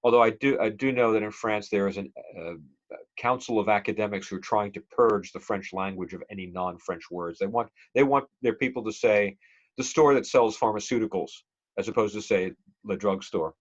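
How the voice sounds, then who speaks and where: A middle-aged man teaching a speech class, talking in a relaxed conversational way with many fillers and questions to the students. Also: on the low side, a little fast. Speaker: college speech instructor. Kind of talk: classroom lecture. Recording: dull lo-fi classroom recording.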